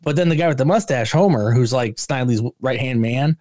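A man co-hosts a casual movie podcast with a lively, animated delivery. He slips into raised voices to act out lines from the film. His voice sits at a middle pitch and sounds close and dry. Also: brisk, dry recording. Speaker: podcast co-host. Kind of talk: casual movie review chat.

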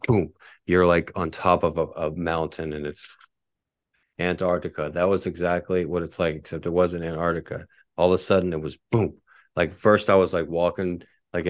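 A low-pitched man from Texas hosts his podcast, spinning loose personal stories in a casual, rambling way. He leans on "like" constantly and swears offhandedly. The sound is dry, with no room echo. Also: smooth. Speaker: podcast host. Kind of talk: casual storytelling.

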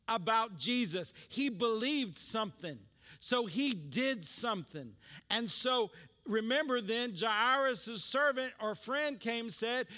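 A man's voice: very high voice, pushed and bright, long reverb tail. A man preaching a sermon as pastor, conversational and teaching, with joking asides and calls for the congregation to repeat after him.

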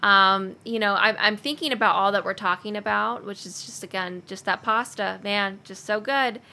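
A woman hosting a casual podcast chat, animated and chatty, with lots of likes and ums. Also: medium pitch, normal speed, vocal fry. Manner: chatty and animated, many fillers. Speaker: podcast host.

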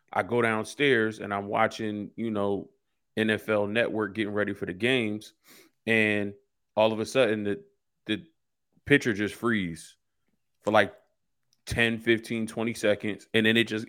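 A man's voice: lowish voice, steady tone, a little slow, fairly bright tone. A man co-hosting a casual sports talk show, telling rambling stories in slangy everyday speech. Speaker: co-host.

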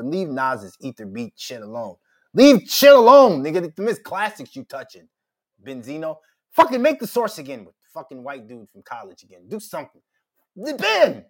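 A man's voice: medium pitch, husky. A middle-aged man from Minnesota hosting a podcast, ranting casually with lots of profanity and heated outbursts. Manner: profane, heated, loud rants. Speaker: podcast host.

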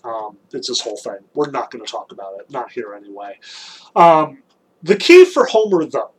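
A man's voice: fairly high pitch, a bit bright. A man teaching a class in a casual, chatty lecture style, with frequent ums and likes. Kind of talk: recorded lecture.

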